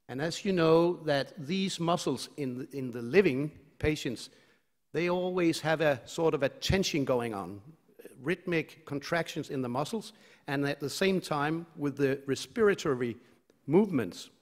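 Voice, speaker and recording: A middle-aged man gives a conference lecture, talking conversationally and pausing often to restart his phrases. His voice sits slightly high. A long hall reverb trails behind him. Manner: conversational, with frequent hesitations and restarts.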